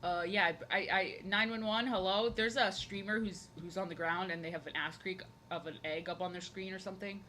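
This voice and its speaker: A woman's voice: medium pitch, steady tone, brisk, few pauses, bright, forceful tone, slight background noise, low-quality recording. A young woman chatting casually and playfully while drawing on a live stream, rambling and repeating her phrases.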